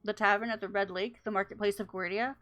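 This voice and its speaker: A woman's voice: medium pitch, steady tone, quick pace, a bit bright, close to an everyday voice. A woman voicing a band of hostile male crook brothers, reading their lines in a stern, threatening way. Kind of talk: reading game dialogue aloud.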